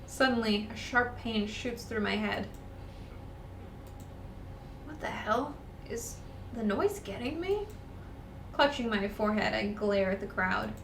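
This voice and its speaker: A woman co-hosting a let's-play, reading the game's narration aloud and breaking into excited chatter. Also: medium pitch, slow, pauses often, distant mic. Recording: roomy echo, off-mic, faint noise.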